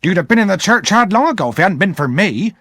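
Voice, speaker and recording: A man doing a shrill, scolding hard woman. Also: big pitch swings, fast, a bit bright, no echo, clean studio sound, heavily acted. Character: harsh shrill older woman, hard-tempered sister.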